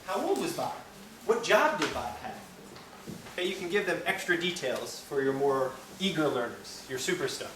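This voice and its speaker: A higher-voiced man from America runs a teacher training, his pitch swinging up and down as he plays with voices. He sounds far from the mic in a very echoey room, and there is clear background noise. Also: normal speed. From United States. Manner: animated, playful, acts out silly reading voices. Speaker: English teacher giving a training.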